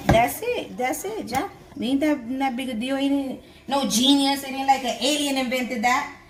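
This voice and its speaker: A woman with a slightly high voice walks viewers through a home recipe in loose, slangy, excitable talk. Her kitchen is noisy, with food frying and sizzling clearly behind her. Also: normal speed. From Miami-Dade, Florida. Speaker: home cook vlogger. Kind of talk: casual cooking demo.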